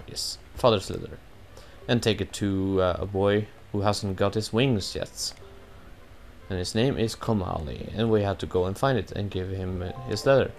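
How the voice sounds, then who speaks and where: A man's voice: lowish voice, slight background noise. A man giving casual, rambling commentary over a video game, joking and offhand. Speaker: video game let's player.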